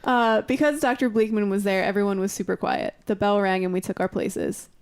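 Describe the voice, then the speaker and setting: A woman's voice: mid-range voice, steady tone, brisk, over a noisy crowd. A woman reading a children's book aloud on a podcast, breaking off into laughing, swearing asides. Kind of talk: casual podcast reading and chat.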